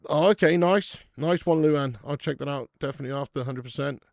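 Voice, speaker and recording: Chatty guy hosting a footy watch-along, bit high voice, dry sound. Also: brisk, creaky, a little mellow, no room sound. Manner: chatty, laughing, slangy. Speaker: host. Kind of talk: live watch-along chat.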